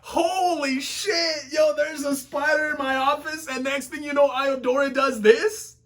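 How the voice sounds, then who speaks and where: A man giving excited reaction commentary on a webtoon from his office, slangy and full of exclamations. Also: very high voice, normal speed. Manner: exclaims constantly, slangy and animated. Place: home office.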